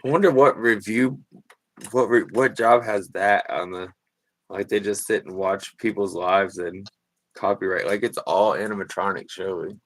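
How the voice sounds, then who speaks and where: Young man, low voice, laid-back rambling storyteller, laughs a lot, casual stream chat. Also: steady tone, moderate pace, no room sound, low-quality recording. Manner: rambling, laughs through stories. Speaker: streamer drawing with a guest. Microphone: video call.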